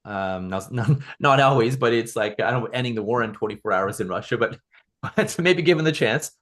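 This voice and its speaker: A man's voice: mid-range voice, expressive, a little fast, fairly bright tone. A man as a podcast guest, talking earnestly in casual conversation, often restarting and repeating words.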